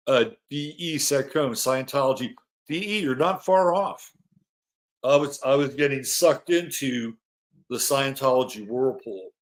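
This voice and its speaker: A middle-aged man talks loosely through a livestream, greeting viewers by name and rambling between topics. His voice sits at an ordinary middle pitch, and he drops the odd curse word with easy, unhurried chattiness. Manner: loose and chatty, swears casually, many fillers. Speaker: astrology livestream host. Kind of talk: casual livestream chat, reading chat greetings.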